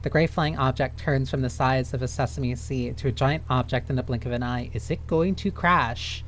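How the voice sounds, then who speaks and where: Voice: medium pitch, moderate pace, slight background noise. Chatty streamer reading a game aloud. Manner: chatty, reads game text aloud with many fillers. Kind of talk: live game stream commentary.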